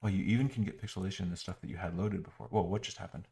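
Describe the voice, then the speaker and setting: A man's voice: sits low, very fast, creaky, dark tone. A man giving an exasperated, sarcastic running critique of an app while muttering and clicking through it. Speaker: software reviewer. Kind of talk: screen-recorded software critique.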